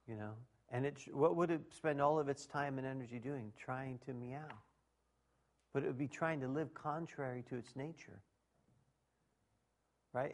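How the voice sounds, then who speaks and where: A man preaching a sermon as pastor, talking in a folksy, conversational way and asking the congregation rhetorical questions. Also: mid-range voice.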